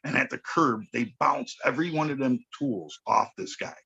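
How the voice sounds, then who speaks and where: A man's voice: mid-range voice, normal speed, creaky, pushed and bright, slightly rough, lo-fi sound. A man, telling a street story on a podcast in a blunt, profane way, often checking in with "okay.". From Chicago. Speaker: podcast guest. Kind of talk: casual storytelling chat.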